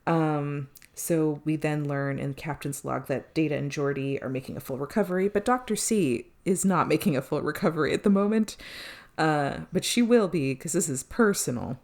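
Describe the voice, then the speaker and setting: A woman's voice: low-pitched, moderate pace. A woman co-hosting a podcast, recapping an episode in casual chat, quoting the characters and swearing freely. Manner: animated retelling, quotes characters, swears freely.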